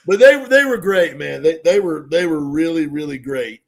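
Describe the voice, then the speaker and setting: A man, fairly high-voiced for a man, tells a trade-show story with a lively, swooping delivery. He swears casually and acts out the people he met. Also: normal speed, creaky, few pauses. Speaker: podcast co-host.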